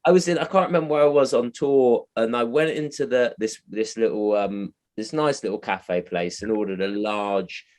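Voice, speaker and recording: A man with a London accent, a comedian chatting as a guest on a video call, animated and jokey. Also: medium pitch, moderate pace, hardly any pauses. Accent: London English. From London, England. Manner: animated, jokey, breaks into impressions. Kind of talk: casual video-call interview.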